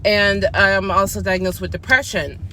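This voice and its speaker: A woman vlogger speaks casually and candidly, acting out bits of dialogue as she goes. Her voice sits at a middle pitch. A faint background noise runs under the recording. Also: flat delivery, normal speed, sharp tone. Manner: chatty and candid, acts out her side of dialogues. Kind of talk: casual chat review.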